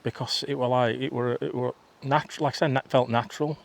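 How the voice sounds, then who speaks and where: In an outdoor field, a vlogger in his fifties chats his way through a wandering story, restarting and digressing as he goes. His mid-range voice is brisk and creaky, with a steady tone.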